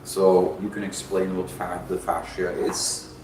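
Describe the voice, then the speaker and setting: A very deep-voiced man hosts a casual stream, briskly reading viewer questions aloud. He sounds distant, in an echoey room, with a clear hiss of noise behind him. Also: completely flat delivery, a little mellow. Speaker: host. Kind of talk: casual chat.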